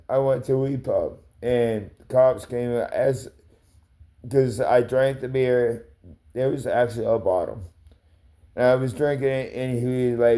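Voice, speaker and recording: A man's voice: medium pitch, dark tone. A man ranting in a rambling, confrontational way, swearing heavily and calling out people by name. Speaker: livestreamer. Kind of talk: rambling angry rant.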